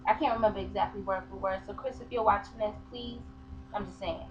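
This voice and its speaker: A woman's voice: mid-range voice, fairly even intonation, fast talker. A woman chatting in a casual vlog, heated and passionate as she argues her point. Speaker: vlogger. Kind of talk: casual opinion chat. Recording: dull lo-fi webcam sound with faint hiss.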